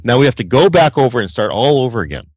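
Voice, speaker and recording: A man co-hosting a podcast, telling his stories with a lively, swooping voice. He slips into impressions of the people in them and swears without holding back. The sound is dry and close, with no room echo. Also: mid-range voice, fast talker, slightly rough. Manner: animated storyteller, acts out quoted people, swears freely. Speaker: podcast co-host. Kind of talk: casual podcast banter.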